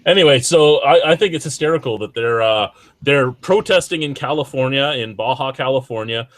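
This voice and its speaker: A man's voice: medium pitch, a little fast, a bit bright, no echo. Rambling podcast guy reading the news. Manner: rambling, lots of fillers and restarts while reading. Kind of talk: casual chat.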